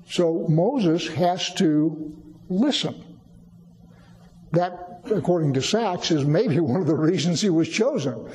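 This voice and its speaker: A man's voice: a little high, lively intonation, slow, warm tone, long reverb tail, poor audio. A man giving a sermon, explaining and teaching with emphatic repetition. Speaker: preacher.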